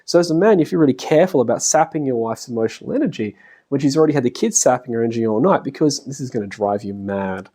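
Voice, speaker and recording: A man's voice: mid-range voice, expressive, fast talker, warm tone. A middle-aged man giving a casual spoken lecture, chatting, laughing often and acting out the voices of family members. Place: classroom.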